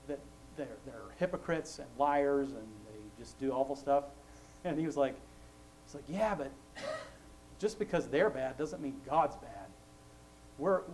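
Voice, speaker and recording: A man talks through his faith in an easygoing, conversational way. He tells his stories with frequent laughs and keeps his pitch in a middle range. A faint hum sits underneath the recording. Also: a little mellow, poor audio. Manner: chatty storytelling, laughs often, acts out quoted voices. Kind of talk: casual faith talk.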